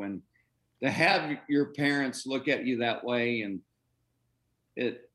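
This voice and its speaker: A middle-aged man who once pitched in baseball recounts his story in an interview, animated yet unhurried and with long pauses. His voice is in a normal middle range, and he performs the quoted voices of people in the story and bursts into laughter.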